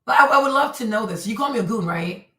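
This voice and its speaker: A woman's voice: a little high, expressive, quick pace, bright, forceful tone, echoey room, distant mic. A woman hosting a live stream, ranting indignantly and firing off repeated rhetorical questions. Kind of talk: heated live-stream commentary.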